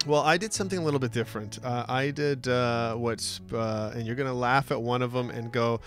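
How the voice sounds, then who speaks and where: A man hosting a sports talk show, telling stories in a lively, casual way. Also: medium pitch, fairly quick, faint music behind. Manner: animated storytelling with laughs.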